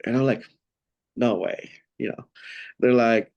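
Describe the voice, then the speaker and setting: A man's voice: mid-range voice, normal speed, pauses often, darkish tone, highs cut off. A man from Seattle, a professional wrestler guest, telling rambling anecdotes in a casual interview and acting out quoted dialogue with lots of fillers. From Seattle, USA.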